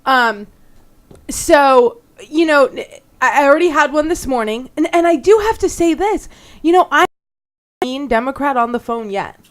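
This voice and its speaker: A woman who is a studio guest on a talk radio show, telling stories with animated emphasis. Her voice sits a little high. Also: normal speed. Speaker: studio guest, political party activist. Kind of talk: casual talk radio chat.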